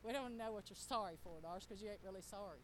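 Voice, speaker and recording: A woman's voice: medium pitch, fast, slight background noise, rough recording. A middle-aged woman gives an informal, joking sermon in a church, talking straight to her congregation in a folksy way. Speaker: preacher.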